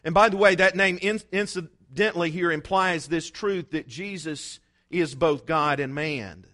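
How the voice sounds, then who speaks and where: A male pastor preaching a sermon, emphatic, with dramatic pauses and acted-out quotes. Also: fairly high pitch, pushed and bright.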